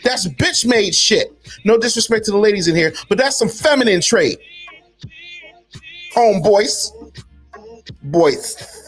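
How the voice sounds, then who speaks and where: Guy with a high voice going off on someone, mocking and cussing, faint music under it. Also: animated, a little fast. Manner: mocking, profane, swings between low mutters and high shouted taunts. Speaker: commentary host. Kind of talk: heated social media commentary.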